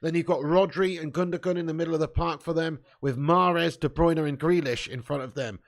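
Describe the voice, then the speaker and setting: Fired-up English football fan host. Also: male voice, a little high, fairly even intonation, a little fast. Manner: banters with live chat, swears and laughs, bursts loud. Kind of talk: live match watch-along chat.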